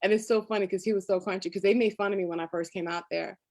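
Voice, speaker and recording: A woman's voice: medium pitch, steady tone, racing, a little mellow, dry recording. A woman guest chatting casually in an interview, telling stories and laughing often. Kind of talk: casual chat. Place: lives in Florida.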